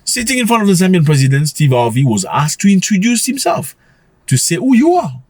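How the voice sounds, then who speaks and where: A husky male vlogger talks straight into a close mic, and the sound is completely dry. His pitch swings widely as he fires off rhetorical questions. He keeps it casual and chuckles often. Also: very animated, brisk, no echo. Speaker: commentary channel host. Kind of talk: casual commentary vlog.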